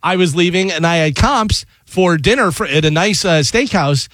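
A man hosting a morning radio show, telling stories with lively acted-out quotes in casual banter at a studio mic. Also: high voice, moderate pace, no room sound. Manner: animated storyteller, acts out quoted lines. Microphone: studio microphone.

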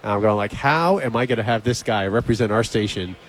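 A man hosting a radio talk show, telling a backstage story in casual banter and acting out the quotes in a higher voice. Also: fairly quick, slight background noise, low-quality recording. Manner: animated storyteller, acts out quotes with raised pitch.

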